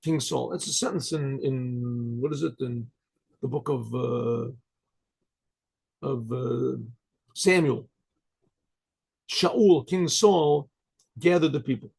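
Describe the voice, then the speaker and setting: An older man, a rabbi, giving a Torah lecture, translating Hebrew phrases into English and pausing often to ask "right?". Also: medium pitch, gravelly, a little mellow, husky.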